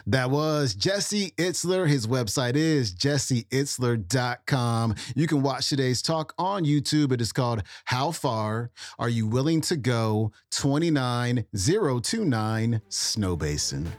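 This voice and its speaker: A man's voice: mid-range voice, animated, slow, few pauses, dry recording, clean studio sound. A man hosting a podcast, closing the episode with a friendly, direct sign-off to listeners. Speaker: podcast host. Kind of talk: podcast outro.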